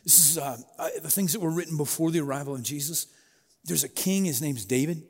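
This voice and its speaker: A middle-aged man preaching a sermon in a relaxed, conversational way, storytelling and acting out quoted voices. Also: fairly high pitch, a little fast, husky, big-room sound. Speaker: pastor.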